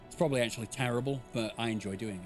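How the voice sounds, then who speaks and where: A man's voice: medium pitch, rapid-fire, soft background music. A man streaming a game live, chatting casually and joking with viewers, with profanity here and there. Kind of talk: live game playthrough with chat.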